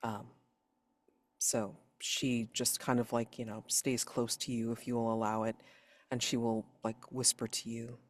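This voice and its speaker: A man's voice: mid-range voice, little pitch movement, a little slow, no echo. A man running a tabletop game as game master, casual and rambling with lots of filler words.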